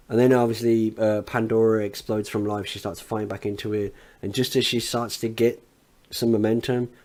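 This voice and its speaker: Guy with a lowish voice doing a casual wrestling review, excited recap, swears a lot. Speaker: wrestling show analyst.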